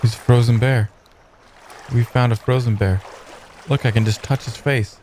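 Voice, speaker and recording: A man hosting a let's play, commenting on gameplay in an excitable, joking way with many exclamations. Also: mid-range voice, moderate pace, slight background noise.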